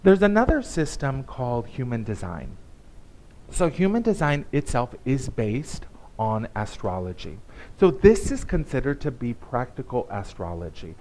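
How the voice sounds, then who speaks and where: A man's voice: mid-range voice, big pitch swings, dark tone, low-quality recording. Man preaching a casual sermon. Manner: conversational, emphatic preaching with pauses and restarts. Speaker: guest speaker. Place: church service.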